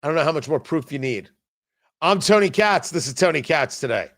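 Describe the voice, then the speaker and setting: Male commentary host with a high-pitched voice, sarcastic and exasperated, halting restarts. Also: expressive, a bit bright. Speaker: talk show host. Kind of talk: political commentary show.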